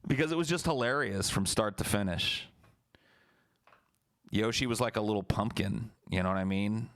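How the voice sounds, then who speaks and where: A young man streamer chats loosely with his audience and tells stories in a blunt, profane way. His manner is laid-back. His voice sits on the low side. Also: normal speed, a bit bright. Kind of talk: casual storytelling to a live chat.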